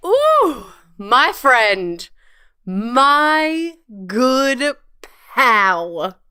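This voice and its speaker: Expressive, cursing woman podcast host. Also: high-pitched, very slow, smooth, no echo, studio quality, faint music behind. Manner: expressive, swears freely, laughs often; playful slangy phrasing. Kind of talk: casual solo podcast talk. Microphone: computer's built-in mic, not her usual one.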